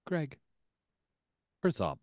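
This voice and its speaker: A man running an online tabletop role-playing game as game master, animated and playful, with murmured asides. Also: extremely slow, no echo, clean studio sound.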